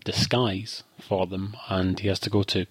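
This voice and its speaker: A man's voice: deep voice, level tone, a little slow, slightly rough, no echo. A man co-hosting a podcast, talking in a rambling, thoughtful way with frequent restarts. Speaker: podcast co-host. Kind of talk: casual chat.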